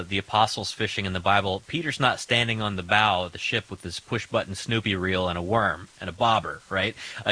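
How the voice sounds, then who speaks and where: A man hosting a casual conversation, relaxed, with fillers, asking his guest questions. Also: lowish voice, rough recording. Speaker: host.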